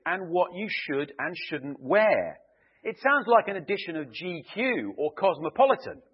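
A man preaching a sermon and reading scripture, with an emphatic delivery that slows to stress key words. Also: high voice, breathy edge, muffled recording.

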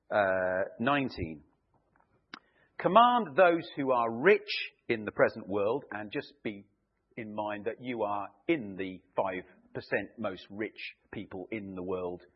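A man preaching a sermon and reading scripture, with an emphatic delivery that slows to stress key words. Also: mid-range voice, breathy edge, dull audio.

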